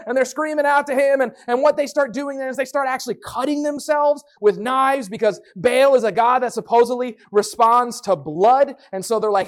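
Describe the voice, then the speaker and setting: A woman teaching a Bible story lesson in a lively, playful way, full of asides. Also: a little high, moderate pace, hardly any pauses. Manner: lively, playful, lots of voices and sound effects.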